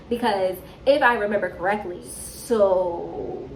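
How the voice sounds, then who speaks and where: A woman's voice: a little high, brisk. A woman in her twenties telling a story casually and animatedly on her vlog, acting out what people said. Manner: animated, dramatic retelling with quoted voices. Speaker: storytime vlogger. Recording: roomy echo with faint background hum.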